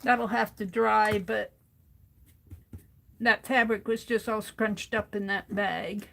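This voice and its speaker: A woman's voice: mid-range voice, steady tone, slow, vocal fry, a bit bright. A woman livestreaming as she crafts at her desk, chatting casually and thinking aloud to herself as she works. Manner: talks to herself while working, thinking aloud. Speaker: crafting streamer.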